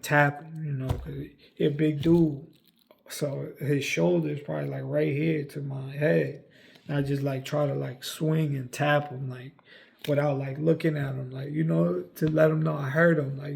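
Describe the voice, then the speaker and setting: A man's voice: on the high side, gravelly, darkish tone. A young man from the United States telling a story, rambling with lots of fillers and cursing. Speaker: vlogger. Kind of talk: casual storytelling.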